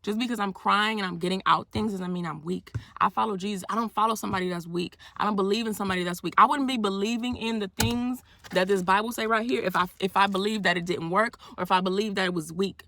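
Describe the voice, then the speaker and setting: A woman's voice: medium pitch, steady tone, quick pace, hardly any pauses, a bit bright, no room sound. A woman giving an impassioned, emphatic faith pep talk, recorded on her phone in a parked car. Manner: fervent, emphatic, preacherly and colloquial. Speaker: faith vlogger.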